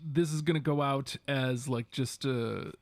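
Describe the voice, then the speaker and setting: A man's voice: medium pitch, fairly even intonation, unhurried, no echo. A man co-hosting a casual podcast, joking and teasing, repeating his punchlines. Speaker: podcast co-host. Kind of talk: casual chat.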